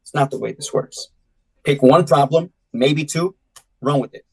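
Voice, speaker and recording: A man from California giving live sales training, coaching in an energetic way and acting out door-to-door conversations. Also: a little high, unhurried, creaky, poor audio.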